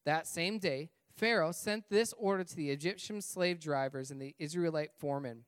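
A man reading a scripture passage aloud at a church service, with steady, measured delivery. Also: a little high, clear, resonant tone, no echo. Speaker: scripture reader.

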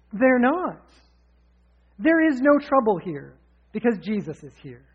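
A man preaching a sermon in an energetic, candid, conversational way. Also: sits high, breathy edge. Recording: tinny phone-like sound.

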